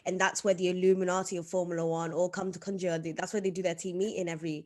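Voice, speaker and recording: A woman's voice: on the low side, flat delivery, quick pace, a little mellow. A woman co-hosting a casual podcast chat, joking in a wry, laid-back way. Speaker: podcast co-host.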